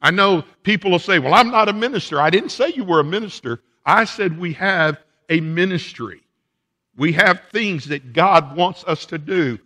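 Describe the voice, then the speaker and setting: A man's voice: a little high, measured pace, bright, forceful tone, big-room sound. A male pastor preaching a sermon in a church sanctuary, laying out his points one by one with emphasis.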